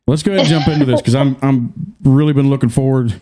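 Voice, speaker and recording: Man, mid-pitched voice, podcast host, joking, casual. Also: steady tone, quick pace, warm tone. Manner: joking, easily laughing. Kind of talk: casual chat.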